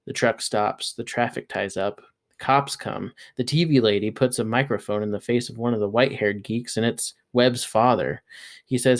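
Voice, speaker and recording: Man, medium pitch, steady novel reading, plain delivery. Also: normal speed. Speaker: reader.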